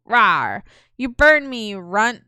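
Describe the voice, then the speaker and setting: A woman's voice: on the high side, big pitch swings, slow pace, pushed and bright, clean tone, no echo, clean studio sound, exaggerated voice. A woman voicing a cocky little red dragon who taunts and boasts in a brash way.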